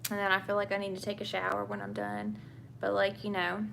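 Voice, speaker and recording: Talking a little fast in a monotone, medium-pitched voice with vocal fry and some brightness, a young nurse and vlogger from England with a Southern US accent does her makeup while chatting about her job. Slight background noise is present, and she answers viewer questions chattily, with frequent fillers and restarts.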